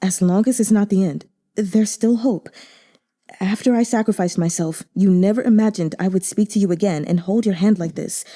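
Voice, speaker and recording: A woman voicing a gaunt, devoted male general in a read-aloud novel, speaking softly and earnestly. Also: medium pitch, normal speed, close to an everyday voice. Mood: tender.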